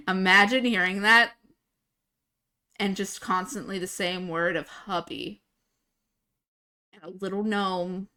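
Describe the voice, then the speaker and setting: A woman's voice: lowish voice, pushed and bright. A young adult woman livestreamer in casual, giggly chat at a desktop mic. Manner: chatty, giggly, self-amused.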